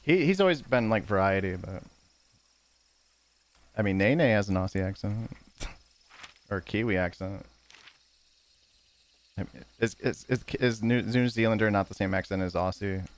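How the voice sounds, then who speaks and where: A man's voice: fairly low pitch, normal speed, long pauses. A man streaming a video game, chatting casually with his viewers in a loose, rambling way that corrects itself as it goes.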